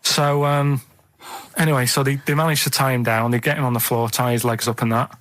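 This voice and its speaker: A man's voice: mid-range voice, slight background noise. Man rambling through a radio story. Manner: rambling storyteller, halting and flat. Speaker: radio show regular. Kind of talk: casual radio banter. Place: radio studio.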